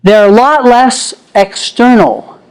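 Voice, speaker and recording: Animated older man lecturing, lively high voice. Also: slow, clear, resonant tone, low-quality recording. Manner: animated, laughs often, acts out quotes. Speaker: psychologist giving a lecture. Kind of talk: storytelling lecture.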